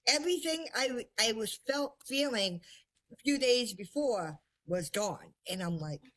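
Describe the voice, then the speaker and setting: A woman who is a podcast guest, telling her story in a casual, lively way, laughing often and poking fun at herself. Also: fairly high pitch, measured pace.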